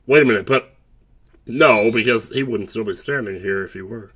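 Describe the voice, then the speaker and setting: A man's voice: lowish voice, normal speed, fairly bright tone, breathy edge. A man giving casual, jokey gameplay commentary, chatting to the game character as he plays. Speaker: video game let's player. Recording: game music playing under the voice.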